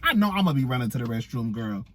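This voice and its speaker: A man's voice: mid-range voice, very animated, rapid-fire, a bit bright, slight background noise. A man giving sassy, chatty reality-TV gossip commentary, addressing viewers as girl and y'all and laughing often. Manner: laughs often while talking. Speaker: celebrity gossip vlogger.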